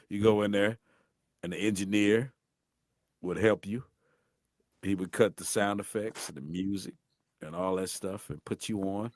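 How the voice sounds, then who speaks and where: Deep-voiced middle-aged guy from st louis, chatty animated stories, acts out voices, dry close mic. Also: no echo. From St. Louis, USA. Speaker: guest voice actor. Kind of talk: casual storytelling interview.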